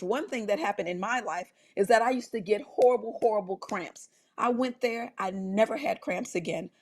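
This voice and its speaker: A middle-aged woman doctor telling a personal story in a health talk, animated, with many restarts and fillers. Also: fairly high pitch.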